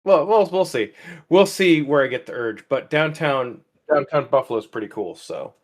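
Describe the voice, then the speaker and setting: A man's voice: medium pitch, lively intonation, normal speed. A man co-hosting a podcast in a laid-back casual chat, with dry sarcasm. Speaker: podcast co-host.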